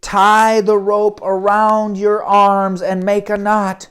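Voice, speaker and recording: A man's voice: high voice, monotone, fairly bright tone, clean tone. A man voicing a worried father who gives his trapped son firm, urgent orders. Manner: urgent, commanding, slow and firm.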